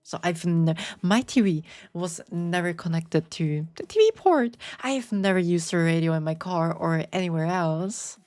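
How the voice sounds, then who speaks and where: Playful streamer with a slight German accent. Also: female voice, fairly low pitch, a little mellow. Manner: playful, rambling, answers chat with quick squeals and laughs. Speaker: VTuber streamer. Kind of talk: casual live-stream chat with viewers. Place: home apartment.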